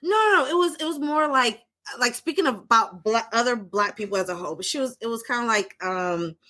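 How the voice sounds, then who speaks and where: Speaking a little fast with a fairly high pitch, this podcast co-host tells a personal story during relaxed conversation. A mental health professional by trade, she animatedly performs the quoted voices of the people she describes.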